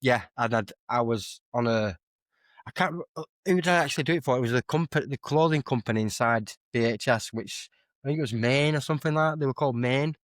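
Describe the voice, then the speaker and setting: A man's voice: medium pitch, fast, dry recording. A young man, chatting casually as a podcast guest and telling rambling, self-correcting stories. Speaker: guest streamer and musician.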